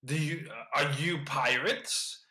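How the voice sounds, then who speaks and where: A man's voice: a little high, slow pace, pushed and bright, reverberant, rough recording. A man voicing an indignant male ship captain who stammers out angry questions. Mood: flustered. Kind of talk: tabletop role-play voice.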